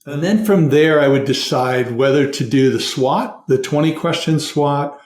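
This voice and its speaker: A man's voice: fairly high pitch, unhurried, echoey room. A middle-aged man, a guest on a podcast, talking earnestly and steadily about hiring as a process. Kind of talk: conversational interview.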